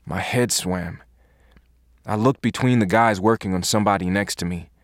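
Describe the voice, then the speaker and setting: A man reading a first-person audiobook in a measured, tense, understated way, recorded in a studio booth. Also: on the low side, no echo. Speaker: audiobook narrator.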